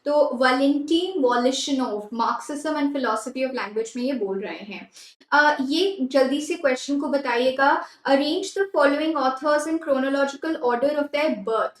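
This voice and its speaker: Indian woman teacher, high voice, roomy sound; switches between Hindi and English and repeats key phrases. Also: racing. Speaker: exam prep teacher. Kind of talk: live online class lesson.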